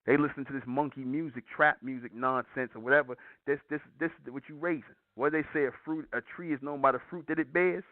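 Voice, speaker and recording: A man's voice: medium pitch, fairly even intonation, quick pace, hardly any pauses, no echo. A man hosting a call-in show, lecturing his listeners in an emphatic, repetitive way. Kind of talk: preachy call-in monologue. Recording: tinny phone-like line.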